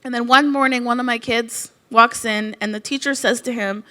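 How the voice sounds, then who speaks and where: A middle-aged woman from Canada giving a conference keynote, telling stories in a conversational, expressive way. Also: fairly high pitch, moderate pace. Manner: expressive storytelling, conversational with frequent "like". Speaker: keynote speaker.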